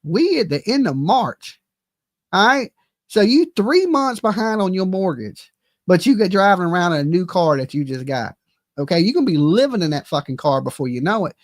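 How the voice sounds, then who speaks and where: A man's voice: high voice, big pitch swings, moderate pace, dry recording, clean studio sound. A man giving casual, profane reaction commentary, mocking his subject and laughing often. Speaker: commentary streamer.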